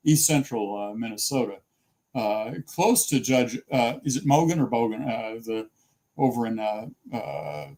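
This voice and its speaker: Halting, joking male lawyer. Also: mid-range voice, animated, a little mellow. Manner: halting, self-deprecating joker. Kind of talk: casual livestream chat.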